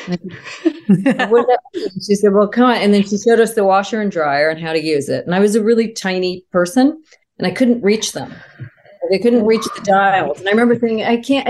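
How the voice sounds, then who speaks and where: American woman telling her own story, low-ish voice, stops and restarts a lot. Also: a little mellow. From United States. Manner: halting, restarts often, acts out quoted voices. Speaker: guest author. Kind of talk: candid personal storytelling.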